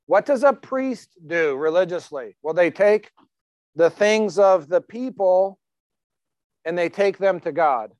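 A man's voice: high voice, expressive, slow pace, a little mellow, no echo, dull audio. A man preaching a sermon as pastor in a conversational, emphatic way, asking the congregation questions.

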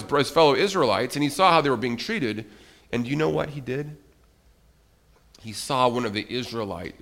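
A man leading a children's church service, telling a Bible story in an animated way, asking the kids questions and calling on them by name. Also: mid-range voice.

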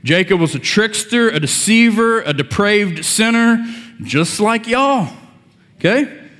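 A man's voice: sits high, animated, takes it slowly, a bit bright. A male pastor delivering a sermon in a conversational style, with joking asides to the congregation. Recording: long church-hall reverb.

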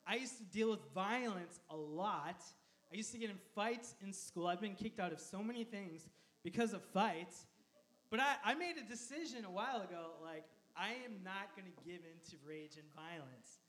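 A man in his thirties, a pastor preaching a sermon, telling a story with animated energy and frequent laughter. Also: high voice, normal speed. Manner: animated storyteller, laughs often, shouts quoted lines.

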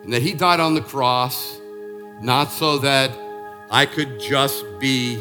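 A pastor in his sixties from Boston delivers a sermon, his ordinary middle-pitched voice leaping upward for punchy emphasis. He preaches in a church, with soft music faintly underneath. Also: slow pace. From Boston, Massachusetts. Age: 60s. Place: church sanctuary.

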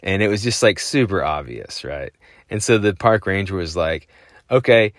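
Deep-voiced man telling a rambling story. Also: animated, normal speed, a bit bright, dry recording, studio quality. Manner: rambling, lots of fillers, chuckling. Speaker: podcast host. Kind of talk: casual storytelling.

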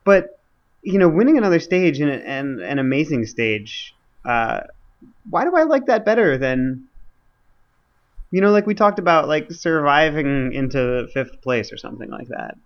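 A man co-hosting a casual cycling podcast, chatty and relaxed with lots of "like" and "you know". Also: fairly high pitch, normal speed, highs cut off. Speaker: podcast co-host.

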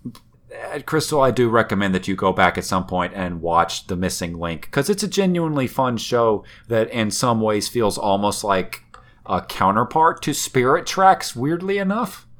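A man's voice: lowish voice, moderate pace. A man co-hosting a podcast, retelling a cartoon episode in casual chat with wry, swearing humor. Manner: animated storytelling, wry and swearing. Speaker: podcast co-host.

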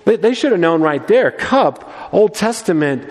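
A male pastor preaching in a church sanctuary, telling the story in an animated way and often stumbling over repeated words. His voice sits high, and the hall gives it a long, ringing reverb. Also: measured pace. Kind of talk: sermon.

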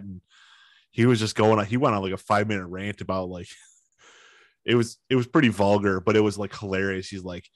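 A man's voice: on the low side, fairly quick, no echo. A man in casual chat, animatedly retelling a comedian's bit with lots of swearing. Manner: animated retelling with crude language.

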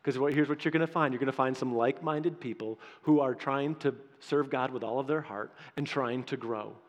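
A man preaching a sermon in a conversational, animated way, acting out the quotes in his stories. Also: mid-range voice, brisk, long reverb tail. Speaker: pastor.

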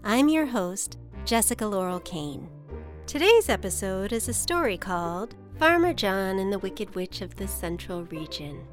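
A woman hosting a podcast and narrating a storybook tale in a playful, expressive way, with emphatic comic pauses. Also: mid-range voice, faint music behind.

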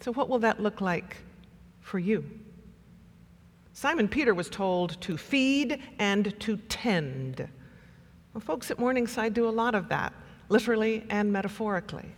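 A pastor preaching a sermon with measured delivery and dramatic pauses. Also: medium pitch, lively intonation, big-room sound.

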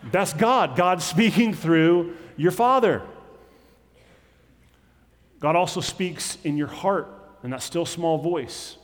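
A man's voice: on the high side, slow, pauses often. A man preaching a conversational sermon as pastor, often acting out quoted voices. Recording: long hall reverb.

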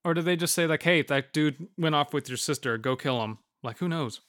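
A man's voice: a little high, fairly quick, a bit bright. A young man making sarcastic, wry comments while a friend reads a story aloud. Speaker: listener in a reading session. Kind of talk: casual chat.

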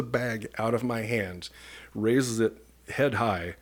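Low-voiced man telling a lively story. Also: slow pace. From Iowa, US. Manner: lively storyteller who acts out the people in his story. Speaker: police commander, podcast guest. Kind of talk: animated personal storytelling.

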